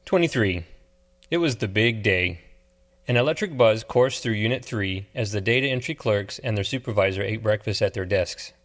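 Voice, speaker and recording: A man narrating an audiobook novel in a measured, steady way. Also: fairly low pitch. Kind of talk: scripted narration.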